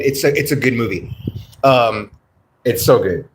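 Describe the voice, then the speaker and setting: A man's voice: medium pitch, lively intonation, a little slow, long pauses, a little hiss or hum. A man hosting a livestream, chatting casually with viewers in a blunt, profane, laid-back way. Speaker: livestream host. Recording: roomy echo.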